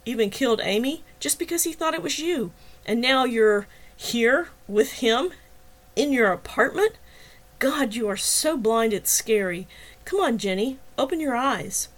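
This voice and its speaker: A jealous, sneering male cop barks and jabs his words in a storybook reading, voiced by a woman reader. His delivery is loud and harsh, pushing higher when he gets heated.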